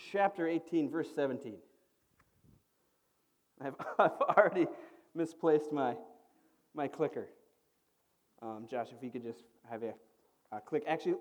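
High-voiced pastor preaching in a reverberant hall. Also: male voice. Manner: animated, conversational preaching with quick auctioneer-style imitations. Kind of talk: sermon. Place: church sanctuary.

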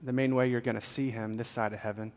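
Preaching in a church hall where a long reverb rings out, a male pastor delivers an earnest, conversational sermon full of "uh"s and restarts. His middle-pitched voice is steady and darkish, and he talks at a quick pace.

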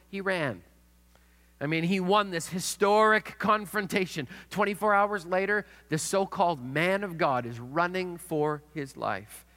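Middle-aged male pastor, high-pitched, storytelling sermon, reverberant hall. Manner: storytelling, dramatic shifts in loudness.

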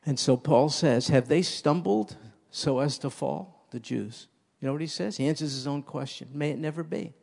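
A man's voice: on the high side, moderate pace, gravelly, darkish tone. A man preaching a sermon as pastor, emphatic and repeating key phrases for stress.

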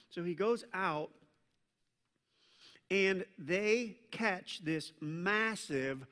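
Bright-voiced pastor in a reverberant hall. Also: male voice, sits high, very slow, long pauses. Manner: animated storytelling, acts out scripture voices; self-deprecating asides. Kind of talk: sermon.

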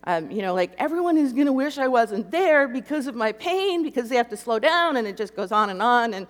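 Woman telling her story to a crowd, high voice, acts out the voices, echoey hall. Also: expressive, a little fast. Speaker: speaker sharing a personal story. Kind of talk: animated personal testimony to an audience.

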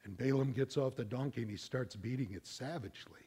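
A middle-aged man preaching a sermon, telling a story in an animated, conversational way. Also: mid-range voice, a little fast, husky. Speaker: pastor.

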